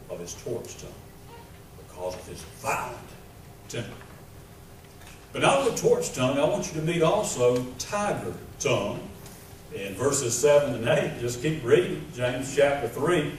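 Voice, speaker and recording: A man, a pastor, preaching a sermon with emphatic repetition and shifting loudness, recorded in a church sanctuary. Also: mid-range voice. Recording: echoey church room, mic at a distance, faint noise.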